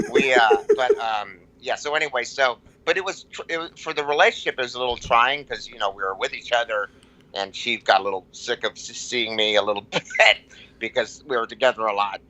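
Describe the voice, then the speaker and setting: A man guesting on a comedy podcast, rambling and halting in casual chat, with frequent restarts and self-mocking asides. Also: mid-range voice, bright, forceful tone, poor audio.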